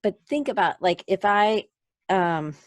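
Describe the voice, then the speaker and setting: A woman with an Alabama accent hosting a podcast, talking in a casual, animated, rambling way with jokey asides. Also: mid-range voice, measured pace, dry recording. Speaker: podcast host. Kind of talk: casual conversational chat.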